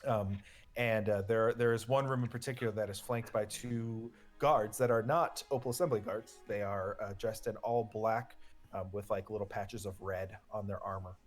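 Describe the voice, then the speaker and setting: Low-voiced male game master. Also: steady tone, normal speed, soft background music. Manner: rambling, filler-heavy narration. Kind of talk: narrating a tabletop game.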